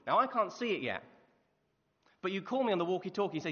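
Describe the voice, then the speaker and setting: A man's voice: fairly high pitch, quick pace, husky. A man preaching a sermon in a church, telling stories and asking the listeners questions. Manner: lively storytelling with rhetorical questions. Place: church hall. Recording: muffled reverberant hall recording.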